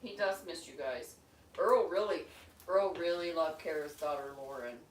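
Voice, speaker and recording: A woman hosting a live stream at home, chatting casually with viewers and coaxing her pet birds in a high sing-song voice. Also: normal speed. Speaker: livestream host with pet birds. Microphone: phone on a small tripod. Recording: echoey room, far from mic, noisy.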